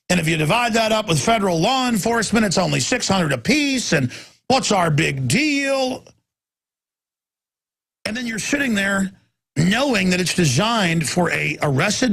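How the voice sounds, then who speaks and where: A man hosting a talk radio show, delivering an impassioned, ranting monologue that swings from loud outbursts to low asides. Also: creaky.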